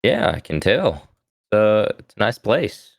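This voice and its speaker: A man's voice: lowish voice, big pitch swings, slow, creaky, no echo, studio quality. A man playing a tabletop role-playing game, talking in character in a laid-back, hesitant way with lots of fillers. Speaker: player. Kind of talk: casual in-character role-play.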